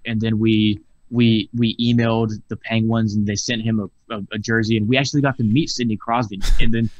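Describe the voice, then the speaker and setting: A man's voice: lowish voice, level tone, brisk, lo-fi sound. A man in his twenties, a podcast guest, telling a story animatedly with frequent swearing over a video call. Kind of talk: casual storytelling chat.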